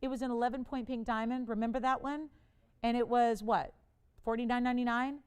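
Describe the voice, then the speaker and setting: A woman's voice: fairly high pitch, steady tone, a little fast, clear, resonant tone. Chatty woman hosting live jewelry auction. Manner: chatty, playful, laughs often, urges bidders. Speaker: TV shopping host. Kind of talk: live shopping auction pitch. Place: TV studio.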